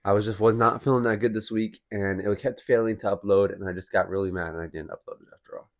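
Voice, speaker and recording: A young man with a hoarse, worn voice, still getting over being sick, talking casually and rambling as he breaks down a fight night. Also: on the low side, fairly even intonation, fast. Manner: chatty, rambling, lots of restarts. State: hoarse, recovering from illness. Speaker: MMA commentary vlogger.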